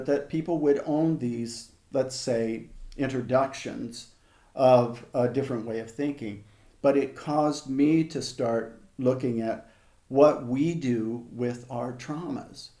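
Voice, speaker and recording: An older man working as a hypnotherapist, telling stories in an interview in a measured, conversational way with frequent restarts. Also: medium pitch, dark tone, roomy sound. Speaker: hypnotherapist guest. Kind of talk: reflective storytelling in an interview.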